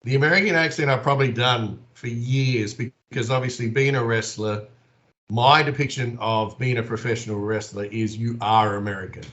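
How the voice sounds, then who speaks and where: A man with an Australian accent, a wrestler and actor telling stories as a guest in a relaxed, chatty way over a video call. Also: medium pitch, moderate pace, dull audio. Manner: laid-back, chatty, laughs easily. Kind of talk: relaxed storytelling in conversation.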